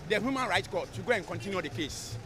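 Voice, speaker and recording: A man with a Ghanaian accent giving an impassioned, animated outdoor street interview, mixing English with local speech. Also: high voice, fast talker, over music.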